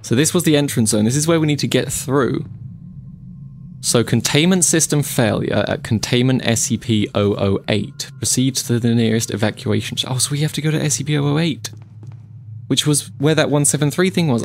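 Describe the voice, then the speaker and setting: With slight background noise, a man commentates his own game in a medium-pitched voice with vocal fry, a little fast. He chats away, spooks easily, and bursts into panicked yelps and repeated phrases when frightened.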